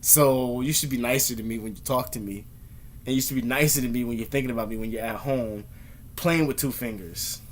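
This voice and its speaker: A man's voice: mid-range voice, fairly quick, slight background noise. A man vlogging in a rambling, profane monologue, laughing as he goes and mimicking other people's voices while he tells stories. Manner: profane, laughs often, imitates others mid-story.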